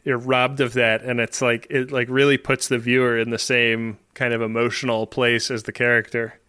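A man's voice: medium pitch, little pitch movement, moderate pace, pushed and bright, clean tone, dry recording, clean studio sound. A man co-hosting a podcast in a wry, jokey way as he narrates scenes in casual chat. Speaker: podcast co-host.

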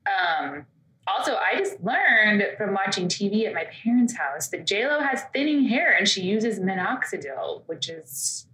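A woman's voice: mid-range voice, animated, a little slow, pushed and bright, roomy sound, low-quality recording. A woman co-hosting a podcast, chatting casually and telling stories with quoted asides. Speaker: podcast co-host. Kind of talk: casual chat.

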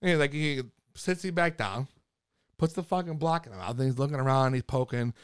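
A man telling a story in casual chat, excitable and full of swearing and slang. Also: mid-range voice, fairly quick, clear, resonant tone.

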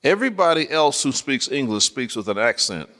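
Man, guest author, conversational teaching, frequent restarts, checks in with listeners, middle pitch, long hall reverb. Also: very animated, brisk, pushed and bright.

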